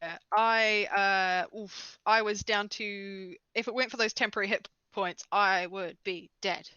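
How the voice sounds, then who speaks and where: A woman playing a tabletop game, chatting casually, animated and quick to laugh. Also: medium pitch, smooth, no room sound. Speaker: player. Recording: dull lo-fi stream mic.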